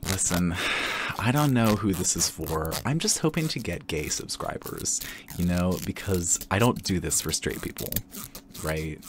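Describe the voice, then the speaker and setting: A man rambling candidly and campily in a relaxed ASMR chat, drifting into soft whispers, tired and a little tipsy. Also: deep voice, a little slow, noisy background. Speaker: ASMR creator.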